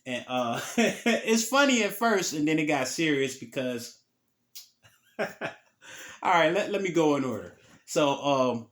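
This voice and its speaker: A man's voice: a little high, animated, slow pace, long pauses, fairly bright tone. A man hosting a podcast, recapping an event in a loose, casual, profane storytelling way. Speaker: podcast host.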